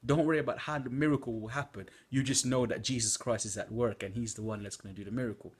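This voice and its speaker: A man's voice: medium pitch, steady tone, fast, husky. A young man giving an earnest preaching testimony from home at night, exhorting listeners with fillers. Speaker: church member giving a testimony.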